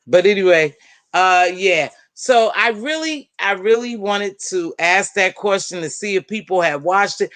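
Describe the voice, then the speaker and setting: A woman hosting a casual live-stream panel, chatting and gossiping in an animated way and calling out friends by name. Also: medium pitch, measured pace, no echo. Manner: animated, talks straight to viewers and friends by name. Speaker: panel host.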